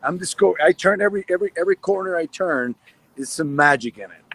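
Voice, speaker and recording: A man roving an outdoor farmers market for a live show, talking excitedly as he walks. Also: high-pitched, fast talker, dry recording. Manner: excited, talks while walking. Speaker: roving reporter. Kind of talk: live on-location chat.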